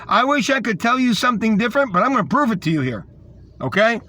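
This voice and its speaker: A man's voice: very high voice, sing-song, quick pace, bright, forceful tone. A man delivering a rambling, scornful monologue, repeating himself as he tells a story. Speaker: podcast host. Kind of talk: ranting monologue.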